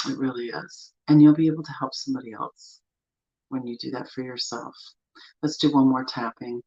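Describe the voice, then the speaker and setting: A woman coaching listeners through grief with a gentle, soothing, encouraging manner and guided tapping. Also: rumbling low, steady tone, moderate pace. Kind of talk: guided self-help talk with tapping. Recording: slightly dull lo-fi sound.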